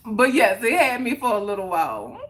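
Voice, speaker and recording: A woman's voice: on the high side, sing-song, fairly quick, a bit bright. A woman hosting a live stream in casual chat, answering viewers and repeating her points for emphasis. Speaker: livestream host.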